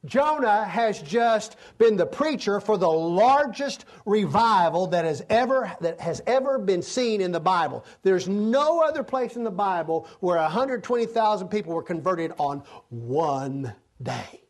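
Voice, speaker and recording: Slow, emphatic preacher. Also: male voice, sits high. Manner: emphatic, repeats lines for effect. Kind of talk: sermon.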